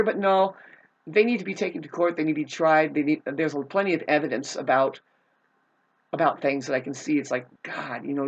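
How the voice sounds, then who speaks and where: A woman's voice: lowish voice, lo-fi sound. A woman telling a personal grievance in a casual, rambling monologue, agitated and profane, with frequent restarts.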